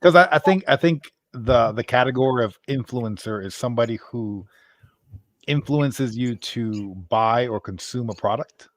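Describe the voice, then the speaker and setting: A man's voice: mid-range voice, normal speed, no echo, studio quality. A man appearing as a guest on a casual livestream, answering in a laid-back, hesitant way. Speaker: guest, a comics and gaming content creator.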